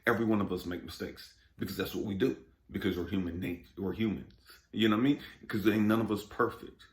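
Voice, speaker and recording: A man's voice: lowish voice, fairly even intonation, fast talker. Blunt, profane man preaching in an echoey room. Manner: blunt, profane, emphatic, with frequent laughs and asides to the listener. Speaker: spiritual vlogger. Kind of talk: preachy motivational talk.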